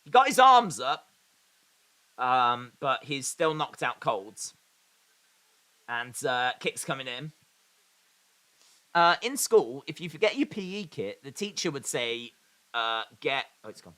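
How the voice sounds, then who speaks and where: A man's voice: mid-range voice, big pitch swings, slow pace, pauses often, pushed and bright. A man hosting a live watch-along, calling the action and reading viewer comments aloud with dry, sarcastic humour. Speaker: live stream host reacting to wrestling.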